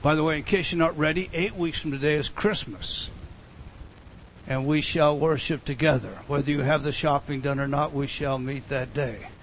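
High-voiced, animated male preacher. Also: moderate pace, a little hiss or hum. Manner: animated, emphatic preaching with frequent asides to the congregation. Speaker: pastor. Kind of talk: sermon.

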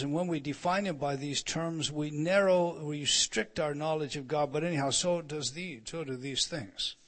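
A man preaching a sermon, restarting his words and asking the audience questions, rising to loud, emphatic proclamation. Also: fairly high pitch.

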